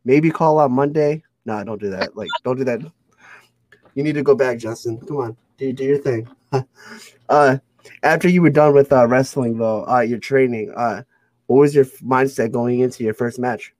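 A man's voice: medium pitch, moderate pace, darkish tone, no echo. A young man hosting a casual interview, joking about himself and laughing often. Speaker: podcast host.

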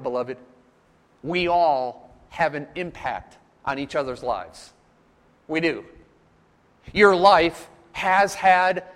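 A man's voice: a little high, a bit bright, big-room sound. A man preaching a sermon at a church camp, emphatic and repetitive, often putting questions to his listeners. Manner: emphatic, repetitive, quizzes the audience.

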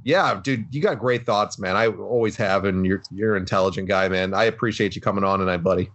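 A man's voice: lowish voice, a little fast, a bit bright. Easygoing man hosting a podcast. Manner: easygoing, chatty host wrapping up the show. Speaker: podcast host. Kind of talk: casual chat.

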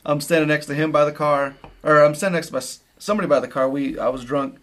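A man's voice: fairly high pitch, steady tone, fast talker, a bit bright. A man in a casual chat who laughs, chimes in and tells his side with profanity. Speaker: friend in the conversation.

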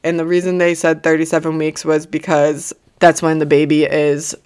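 A woman's voice: low-pitched, level tone, normal speed, a little mellow, clear, resonant tone. A young woman hosting a podcast, telling a personal story in a blunt, casual way, swearing freely and laughing through the hard parts. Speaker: podcast host.

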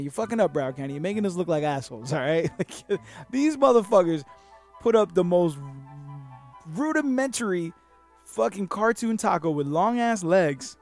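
Animated, sarcastic, gravelly-voiced male podcast host. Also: sits high. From raised in Miami. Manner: animated, sarcastic, swears a lot. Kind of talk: profane comedic news commentary.

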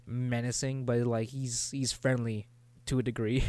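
Halting man in a casual chat. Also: medium pitch, flat delivery, darkish tone, dry recording. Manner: halting, repeats words, laughs often. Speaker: podcast co-host.

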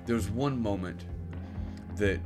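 Very deep-voiced man, casual podcast chat. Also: measured pace, over music. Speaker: podcast co-host.

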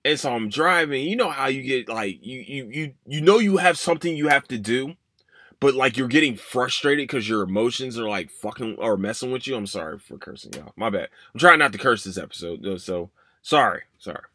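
Casting note: young male podcast host, casual rambling storyteller, middle-pitched voice, dry close sound. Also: lively intonation, brisk, sharp tone, no room sound. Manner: rambling, curses and apologizes, voices his own past thoughts.

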